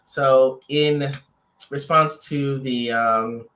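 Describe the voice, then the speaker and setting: A man's voice: mid-range voice, steady tone, very slow, fairly bright tone. Rambling, teasing man. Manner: rambling, lots of restarts and fillers; playful teasing. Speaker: podcast co-host. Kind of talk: casual couples chat.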